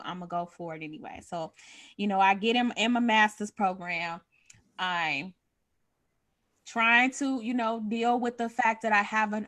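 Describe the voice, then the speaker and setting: A woman, candidly telling a personal story and acting out the dialogue with big pitch jumps. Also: fairly bright tone. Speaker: podcast guest sharing a personal story.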